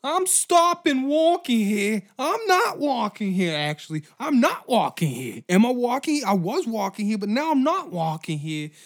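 A man's voice: very high voice, sing-song, moderate pace, hardly any pauses, pitched above the performer's own voice, full character voice. A man putting on a fed-up ancient foot soldier who whines and rambles in circles. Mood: whiny. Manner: whiny, rambling, talking in circles.

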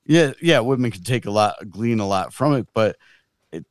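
A man in his fifties co-hosting a podcast, talking in a slow, measured way with many ums as he shares from scripture. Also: on the low side, animated, dry recording, studio quality. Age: 50s. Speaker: podcast co-host. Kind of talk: casual chat, teaching from scripture.

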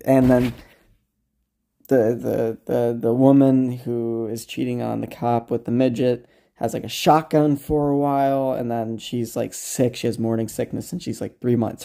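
A man talks through a story in a loose, off-the-cuff podcast recap. He rambles, restarts his sentences, and drops in swear words and amused asides. His voice sits at an ordinary pitch with a dark, mellow tone. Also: level tone, normal speed, gravelly. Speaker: podcast host. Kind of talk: casual spoken recap.

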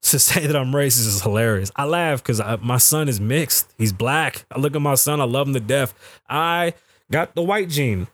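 A man's voice: medium pitch, normal speed, a bit bright, no echo. A man ranting as a podcast host, telling stories in a heated and profane way. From the Bronx, New York. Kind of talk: casual podcast rant.

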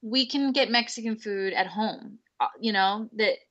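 A woman's voice: medium pitch, moderate pace, a bit bright, dull audio. A woman co-hosting a podcast, chatting and teasing her co-host, often laughing. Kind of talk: casual chat.

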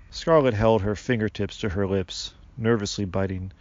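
A man narrating a storybook in a calm, steady reading voice, in a dry, muffled recording. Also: fairly low pitch, normal speed, no room sound.

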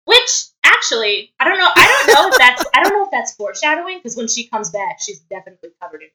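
Animated woman cohost, higher voice, bright and bouncy, laughs along. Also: quick pace, poor audio. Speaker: podcast co-host. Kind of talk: casual movie recap chat.

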